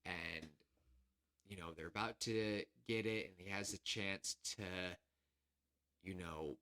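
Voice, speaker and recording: A man with a drawl co-hosts a casual podcast. He rambles, gets excitable and acts out scenes as he talks. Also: sits low, slow pace. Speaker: podcast co-host. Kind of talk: casual chat.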